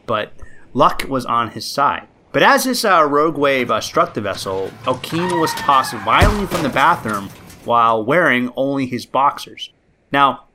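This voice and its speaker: Bright-voiced man telling a story. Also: mid-range voice, a little hiss or hum. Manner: rambling, many ums and uhs. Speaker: podcast host. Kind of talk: casual true-crime storytelling.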